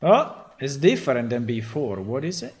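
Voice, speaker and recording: A man's voice: mid-range voice, very animated, moderate pace, faint music behind. A man who develops games, casually commenting on a live stream in a chatty, amused way with frequent restarts and repeated words.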